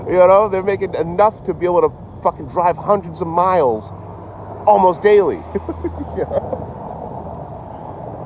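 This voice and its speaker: A traveling livestreamer with a high, lively voice chats casually outdoors beside a rail yard office, unhurried and with long pauses. He rambles, swears and laughs at his own jokes while traffic and street noise fill the background.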